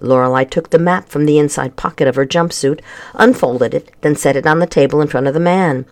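An audiobook narrator reading a children's novel in an even, measured way. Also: mid-range voice. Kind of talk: scripted narration.

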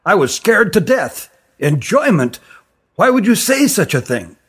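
A shaken young lad from a fantasy storybook, played by a male narrator. His voice sits somewhat higher than a grown man's, and he speaks tensely and defensively. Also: big pitch swings, measured pace, fairly bright tone, breathy edge, full character voice. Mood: angry.

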